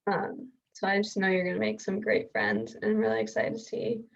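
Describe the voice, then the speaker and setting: A young woman giving a gentle, heartfelt tribute to her best friend over a video call, pausing often. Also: mid-range voice, big pitch swings, creaky, dull audio. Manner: gentle, with many pauses and ums.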